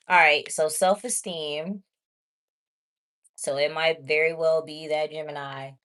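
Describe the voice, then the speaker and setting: A woman's voice: low voice, slow, long pauses, a bit bright. A woman giving a casual tarot reading, chatty and blunt, talking straight to her viewers. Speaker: tarot reader.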